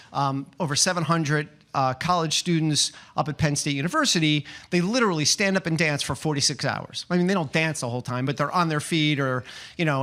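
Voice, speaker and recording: A man's voice: on the high side, a bit bright. A man telling a personal story on stage at a story slam, chatty and earnest, with many fillers and restarts.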